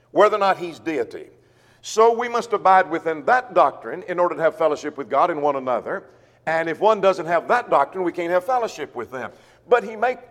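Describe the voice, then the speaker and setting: A man's voice: on the high side, fairly bright tone, in a large hall. A man preaching a Bible sermon, teaching verse by verse and repeating key phrases for emphasis. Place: church.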